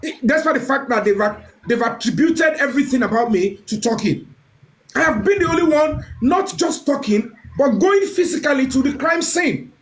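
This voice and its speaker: A woman's voice: high-pitched, expressive, moderate pace, slight background noise, low-quality recording. A woman speaking as a live stream guest, defending herself indignantly. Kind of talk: heated live stream statement.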